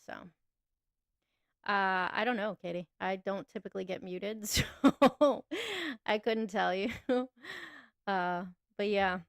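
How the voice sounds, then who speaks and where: A woman's voice: medium pitch, clear, resonant tone, dry recording, studio quality. A woman co-hosting a livestream, chatting casually, laughing often and answering her viewers' comments. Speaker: livestream co-host.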